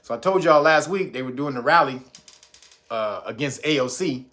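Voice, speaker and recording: A man hosting a live stream, talking in a casual, profane, animated way with laughing asides. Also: medium pitch, normal speed.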